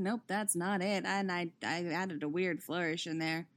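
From her living room couch, a woman reading a podfic chats through her bloopers and author's notes, swearing freely and laughing at her own mistakes. Her voice is lowish with fairly even intonation, at a normal speed with hardly any pauses.

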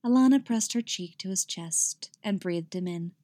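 A woman's voice: on the low side, moderate pace, mellow, no echo. Woman reading a story aloud, dry sound. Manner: chatty with many fillers in her notes. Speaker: story reader. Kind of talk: reading a story aloud, then casual comments.

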